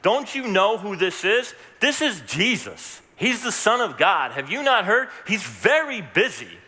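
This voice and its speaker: A man voicing an impatient crowd that shouts at blind beggars to be quiet, his voice pushed high and loud. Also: big pitch swings, unhurried, long reverb tail, full character voice. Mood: scolding.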